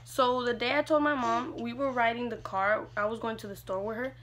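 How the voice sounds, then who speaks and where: A woman's voice: on the high side, fairly even intonation, fairly quick, fairly bright tone. A young woman vlogger casually telling a personal story, chatty and leaning on "like" a lot. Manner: chatty, fills with "like" often.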